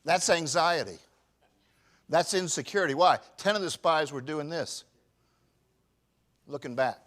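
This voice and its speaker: Bright-voiced preaching pastor, man. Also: a little high, measured pace. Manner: swings from shouted emphasis to quiet confession. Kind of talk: sermon. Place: church.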